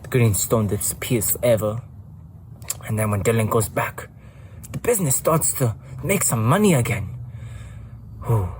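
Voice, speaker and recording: A man's voice: medium pitch, animated, moderate pace, a little mellow, slight background noise. A man, a camp counselor, telling a story in a playful way, often correcting himself mid-sentence. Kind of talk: casual storytelling.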